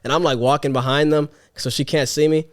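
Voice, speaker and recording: A man's voice: a little high, fairly quick. A young man hosting a podcast, telling a story in casual slangy chat and acting out the people he quotes. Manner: animated, slangy, acts out quotes in other voices. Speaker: podcast host.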